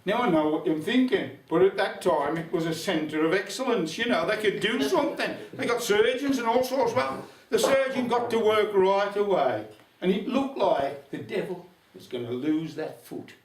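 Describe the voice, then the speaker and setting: Older Black Country male storyteller, wry and chatty; high, animated voice in a roomy hall, distant mic. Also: moderate pace, hardly any pauses. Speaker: folk club storyteller. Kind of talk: humorous storytelling to a live audience. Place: folk club room.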